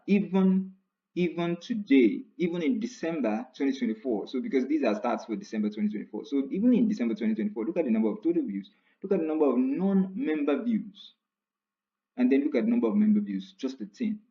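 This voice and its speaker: Man, casual screen-share explainer, pushes his pitch up on key numbers, lo-fi mic. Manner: repeats phrases for emphasis, pitch jumps up when stressing numbers. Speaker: online writer explaining platform stats.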